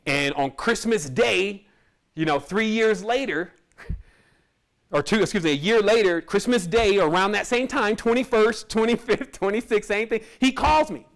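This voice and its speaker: A man with a notably high voice tells a personal story about his spiritual path. He speaks casually and wanders between thoughts, often breaking into a laugh. As a spiritual teacher, he addresses his followers directly. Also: a little slow. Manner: casual, rambling, with frequent laughs.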